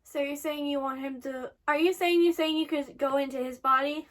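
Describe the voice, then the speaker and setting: A woman's voice: sits high, steady tone, moderate pace. A woman giving emotional reaction commentary while watching an anime, swearing and exclaiming.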